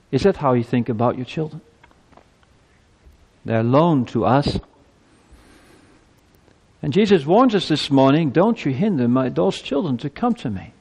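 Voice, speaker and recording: A man's voice: medium pitch, expressive, unhurried, long pauses, darkish tone, breathy edge. A male pastor giving a sermon in a church, earnest and emphatic, his voice climbing as he presses his points. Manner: earnest, emphatic preaching with rising intensity. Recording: long reverb of a church hall.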